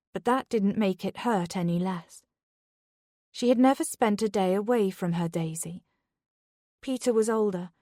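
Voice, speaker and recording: A woman narrating a thriller audiobook in a measured, steady reading. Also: mid-range voice, no echo, clean studio sound.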